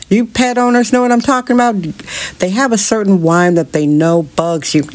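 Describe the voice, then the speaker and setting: A woman's voice: medium pitch, animated, moderate pace, a little mellow. A middle-aged woman hosting her own show, ranting bluntly with rhetorical questions and strong opinions. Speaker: show host. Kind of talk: opinionated monologue. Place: San Francisco.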